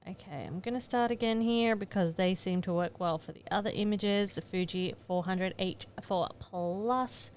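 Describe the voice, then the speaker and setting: With a medium-pitched, darkish voice, a woman photographer talks through her edits at a moderate pace, hardly pausing. She's chatty, thinking aloud and muttering to herself during the tutorial, and slight background noise can be heard.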